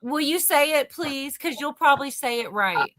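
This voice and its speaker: A woman's voice: high-pitched, animated, normal speed, bright, forceful tone, dry recording. A woman hosting a casual livestream chat, playful and laughing often. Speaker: livestream host.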